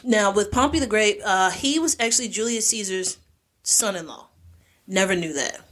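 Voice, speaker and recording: A woman talks through a piece of history on a relaxed podcast. She keeps it loose and conversational, full of fillers, and drops into slangy quoted voices for the people in the story. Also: medium pitch, moderate pace. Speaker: podcast co-host. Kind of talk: casual storytelling chat.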